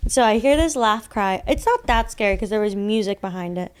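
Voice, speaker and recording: A woman's voice: medium pitch, animated, a little fast, clear, resonant tone. A young woman co-hosting a podcast, telling a story in a rambling casual way, full of fillers and laughing at herself. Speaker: podcast co-host telling ghost stories.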